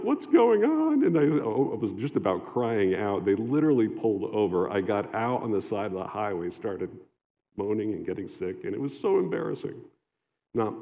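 A man preaching a sermon as a pastor, talking conversationally with halting restarts and fillers. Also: low-pitched. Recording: long hall reverb, dull lo-fi sound.

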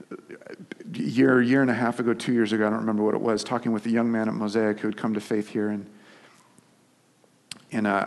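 A man's voice: mid-range voice, big-room sound. A man preaching a sermon as pastor, telling stories conversationally with restarts and filler words.

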